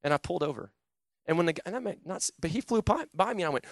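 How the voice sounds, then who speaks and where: Intense high-voiced preacher man. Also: fast, dry recording, clean studio sound. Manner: swings from loud urgent pleading to quiet low intensity. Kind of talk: sermon with personal testimony.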